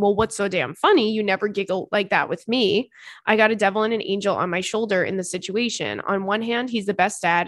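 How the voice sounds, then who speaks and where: A woman's voice: mid-range voice, a bit bright, no room sound, studio quality. A woman in her thirties hosting a podcast, chatting candidly with frequent swearing and reading out listener letters. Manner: candid, swears freely, quick asides. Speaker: podcast host.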